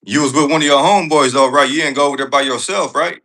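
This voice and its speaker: A man interviewing a guest in casual chat, jumping in with quick affirmations and questions. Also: on the high side, pushed and bright.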